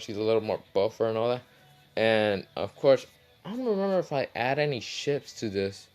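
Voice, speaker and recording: A man's voice: fairly low pitch, expressive, moderate pace, a little mellow, clear, resonant tone, faint music behind. A man casually retelling his own fan-fiction story, rambling with many fillers and side remarks.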